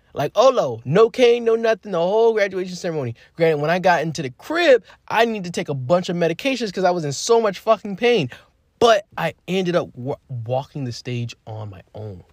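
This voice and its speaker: A man in his twenties telling his own story on a podcast in a rambling, candid way, swearing freely and swinging from quiet to emphatic. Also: mid-range voice, no room sound, studio quality. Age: 20s. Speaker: podcast host. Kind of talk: casual personal storytelling.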